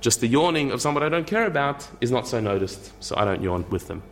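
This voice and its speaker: A man's voice: mid-range voice, big pitch swings, fast, a bit bright, a little hiss or hum. A man giving a conversational lecture, thinking aloud with repeated words and restarts and tossing in wry asides.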